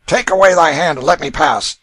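A man reading aloud, voicing a rough, brutal middle-aged father who barks and growls orders in archaic speech. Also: mid-range voice, moderate pace, fairly bright tone, slight background noise, voice pushed up, lightly acted. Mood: gruff.

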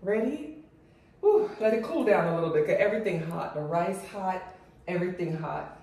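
A woman with a Jamaican accent hosting a casual home cooking vlog, chatty and excitable as she talks to her viewers. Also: lowish voice, moderate pace. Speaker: cooking channel host. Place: home kitchen. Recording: very echoey room, mic far off.

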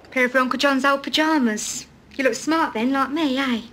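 A woman's voice: high-pitched, brisk, a bit bright. An actress playing a prim, chatty middle-aged woman who tries to sound posh, talking in a coaxing sing-song way in a film drama. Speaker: employer. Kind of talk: 1980s film drama acting.

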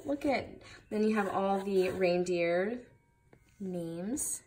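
A woman's voice: mid-range voice, a little slow, slight background noise. Gushing young woman craft vlogger. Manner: gushing, enthusiastic, many fillers. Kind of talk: casual haul video chat.

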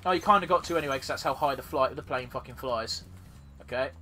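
A man's voice: medium pitch, quick pace, bright, forceful tone. A man casually commentating his own gameplay as a let's play host, rambling and swearing freely.

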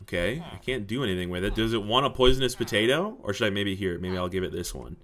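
Young male gaming commentator; excitable, jokey, bright voice, lively pitch. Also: fast talker. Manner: excitable and jokey, swears when surprised. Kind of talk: casual let's-play commentary.

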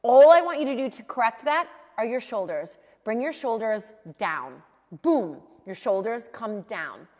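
A bright, cheerful young woman guiding a yoga class with a slightly high voice. She coaches in a chatty, encouraging way. The sound rings out with a long reverb, as in a large open room. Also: sing-song, a little slow. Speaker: yoga instructor. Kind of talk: guided yoga class instruction.

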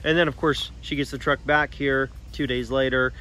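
A man casually talking about his pickup truck, animated and slangy, addressing his viewers directly. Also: medium pitch, normal speed, a little hiss or hum. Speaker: truck vlogger. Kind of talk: casual vlog talk.

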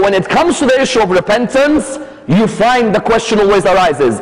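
A man giving a religious lecture, telling the story with emphasis and posing rhetorical questions. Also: high voice. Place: Islamic centre lecture hall. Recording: long hall reverb.

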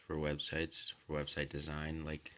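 A man reviewing a website aloud, reading its questions and thinking out loud in a casual, hesitant way with many ums and likes. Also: rumbling low, monotone, measured pace. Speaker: website tester.

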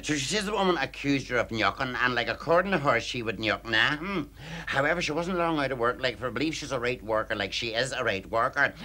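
A Belfast man delivers a gossipy comic monologue, rambling chattily from one aside to the next. His voice has a bright, sharp edge. It sits at a middle pitch for a man. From Northern Ireland. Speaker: comedian.

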